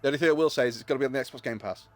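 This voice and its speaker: A man's voice: medium pitch, racing, no room sound, faint music behind. A man, chatting casually on a game live stream as a rambling storyteller who swears freely.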